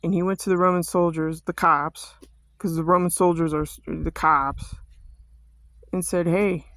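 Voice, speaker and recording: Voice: mid-range voice, flat delivery, fairly bright tone, dry recording. Profane ranting speaker, dry close sound. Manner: ranting, repetitive rhetorical questions, heavy swearing; halting restarts and stumbles. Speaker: vlogger. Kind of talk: profane conspiracy rant to camera.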